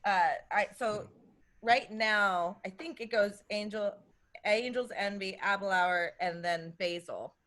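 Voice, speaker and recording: A woman's voice: medium pitch, takes it slowly, fairly bright tone. A young adult woman co-hosting a casual whisky-tasting chat, chatty and sassy. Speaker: podcast co-host.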